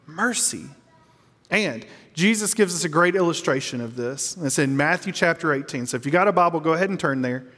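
A man preaching a sermon as pastor, earnest, slowing down to stress key lines. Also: a little high, expressive, a bit bright, long reverb tail.

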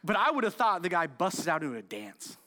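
A male pastor from the United States preaching a sermon, telling the story with animated, acted-out outbursts. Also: high voice, brisk. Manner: animated storytelling, acts out scenes, loud excited outbursts.

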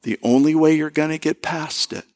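A male pastor giving a conversational sermon, telling stories and slowing down to stress key words. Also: on the high side, steady tone, a little mellow. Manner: conversational preaching with storytelling and emphatic pauses.

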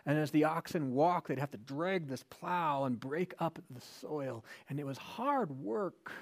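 A man's voice: fairly high pitch, expressive, unhurried, hardly any pauses. A male pastor giving a sermon in a conversational way, with rhetorical questions and emphatic repetition.

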